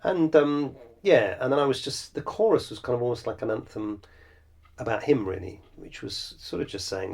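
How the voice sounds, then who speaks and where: A man's voice: mid-range voice, lively intonation, moderate pace, vocal fry, a little mellow. A middle-aged man hosting a solo podcast, musing in a rambling, self-deprecating way with lots of fillers and restarts. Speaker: podcast host and songwriter. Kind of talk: reflective solo podcast monologue.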